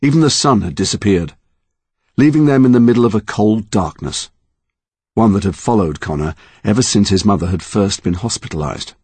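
A man's voice: fairly low pitch, animated, moderate pace, a little mellow, husky, dry recording. A man narrating a story in a dramatic, emotionally charged reading. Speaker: audiobook narrator.

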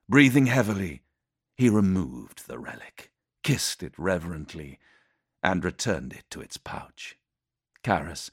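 A man's voice: deep voice, slightly rough, dry recording, studio quality. A man narrating an action audiobook in a dramatic, intense scripted style.

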